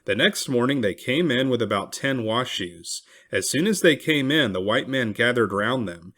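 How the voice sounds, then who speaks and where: A man reading a historical memoir aloud, expressive and raising his voice for cried-out quotes. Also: mid-range voice, moderate pace. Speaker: reader.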